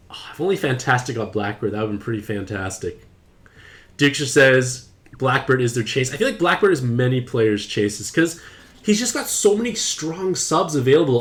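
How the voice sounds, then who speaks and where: A young man chatting playfully to his viewers while streaming a mobile game, with excited outbursts. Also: mid-range voice. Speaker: gaming streamer. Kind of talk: casual game commentary to live chat.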